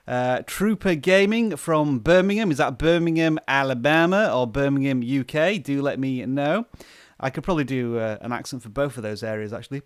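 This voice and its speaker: A man's voice: mid-range voice, moderate pace, clean tone, no echo. A man from the UK hosting a casual live stream, chatting and greeting viewers by name at a close microphone. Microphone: close desk microphone.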